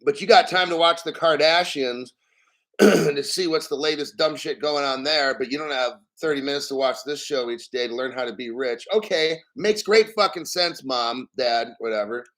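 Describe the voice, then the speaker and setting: A man hosting a crypto channel, ranting bluntly and profanely about banks and the platform while reading out an article, often clearing his throat. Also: mid-range voice, normal speed, a bit bright.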